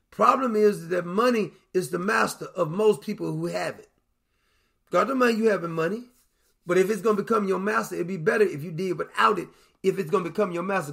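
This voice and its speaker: Gravelly high-voiced preacher man. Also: fairly bright tone. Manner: folksy, dramatizing scripture in vernacular voices. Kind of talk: sermon.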